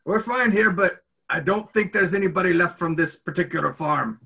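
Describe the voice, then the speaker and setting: A man playing a tabletop game, quick and jokey. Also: high voice, creaky, bright, forceful tone, breathy edge. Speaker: player. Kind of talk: tabletop role-play.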